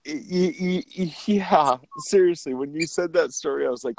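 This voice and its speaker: A man's voice: fairly high pitch, normal speed, gravelly, a little hiss or hum, poor audio. A man co-hosting a podcast who cracks jokes, stammers at times and laughs along while sipping whiskey. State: drinking whiskey. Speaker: podcast co-host. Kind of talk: casual podcast chat.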